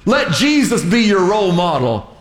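A man's voice: high voice, very animated, normal speed. An older male pastor preaching a sermon with emphatic, repetitive exhortations. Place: church sanctuary. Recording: echoey hall.

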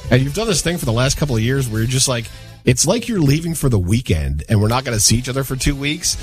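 A man's voice: medium pitch, very animated, fast talker, soft background music. A man co-hosting a show, teasing his partner in playful, casual banter. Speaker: radio show co-host.

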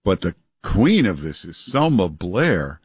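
A male radio host with a low, grounded voice. He talks at an easy, unhurried clip with dry, wry humor. The sound is close and dry, with no room around it. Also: sing-song, husky, no echo. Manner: unhurried, wry, chuckling banter. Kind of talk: casual talk radio chat.

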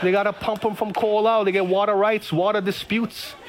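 A man's voice: high voice, flat delivery, normal speed, background noise. A middle-aged man from Hawaii, a pastor preaching a sermon, telling stories from his own life and acting out his past prayers.

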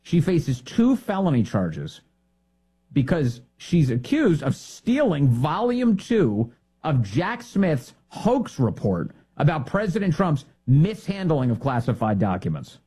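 A man's voice: fairly high pitch, huge pitch swings, takes it slowly, warm tone, breathy edge. A middle-aged man hosting a live political commentary show, combative and mocking, calling opponents names.

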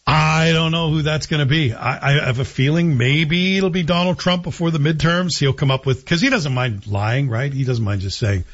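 A man's voice: a little high, normal speed, hardly any pauses, dull audio. Sardonic male talk radio host. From Scotland. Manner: sardonic and opinionated.

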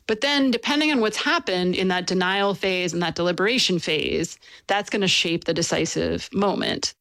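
A woman being interviewed as an author, explaining and telling stories in a lively, casual way with fillers. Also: lowish voice, moderate pace, no echo. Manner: animated, storytelling with fillers and laughs.

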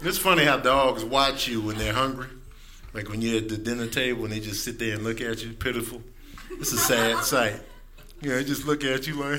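A man doing a stand-up comedy set, telling stories in a playful, animated way and often laughing as he talks. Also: mid-range voice, a little fast, background noise.

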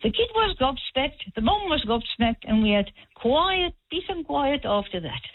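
A woman calling in to a radio show, telling a story in a measured, hesitant way with many ums. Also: high-pitched, very animated, a little hiss or hum. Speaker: caller. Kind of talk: phone-in storytelling. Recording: tinny phone line.

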